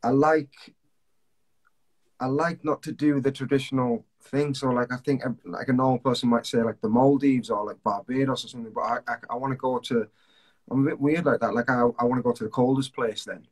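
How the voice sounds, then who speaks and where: A man's voice: medium pitch, steady tone, fairly quick, a little mellow, slightly rough. A man, a singer-songwriter, chatting casually in an interview on a video call, self-deprecating and full of restarts.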